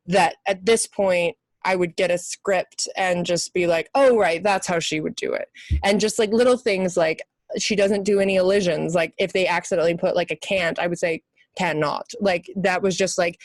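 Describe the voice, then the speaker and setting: A woman's voice: on the low side, no room sound. A woman in her thirties, an actress answering conference questions, articulate and enthusiastic with frequent fillers.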